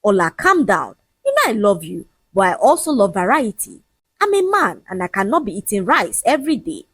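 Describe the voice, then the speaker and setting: A scornful young man who brushes off his fiancée and lectures her in a quick, mocking rush, voiced by a woman. The voice sits high and husky. It is recorded close and dry. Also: big pitch swings, no echo. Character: arrogant cheating young man, dismissive and shameless.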